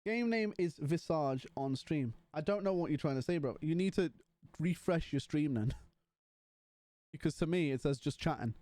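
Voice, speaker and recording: A man's voice: fairly high pitch, lively intonation, normal speed, warm tone, no room sound. A young British man chatting casually and a bit scatterbrained to his live-stream chat. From Britain.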